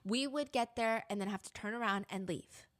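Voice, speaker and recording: A woman's voice: mid-range voice, normal speed. A woman casually retelling a true crime story, reading text messages aloud with sarcastic asides and heavy emphasis.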